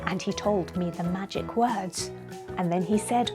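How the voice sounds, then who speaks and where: A woman telling a story to children in a playful, expressive way, speaking directly to her young listeners. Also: mid-range voice, moderate pace. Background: faint music.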